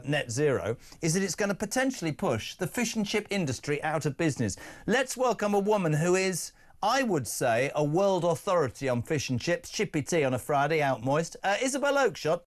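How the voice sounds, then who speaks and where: A middle-aged man hosting a phone-in talk radio show, reading out listener messages in a jokey, playful, blunt way. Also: on the high side. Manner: jokey, playful, puts on silly voices, blunt opinions.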